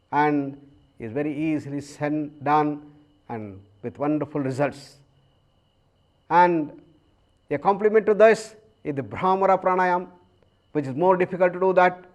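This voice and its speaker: A man with an Indian English accent giving a calm, measured yoga lecture, explaining breathing practices with long pauses. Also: on the high side. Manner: chants Sanskrit verses slowly. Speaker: yoga teacher.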